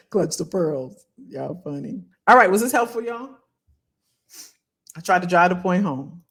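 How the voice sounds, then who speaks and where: On a live stream, a female career coach addresses her viewers directly with animated emphasis and casually reads their comments aloud. Her voice is lowish and slightly rough, and she speaks a little slowly.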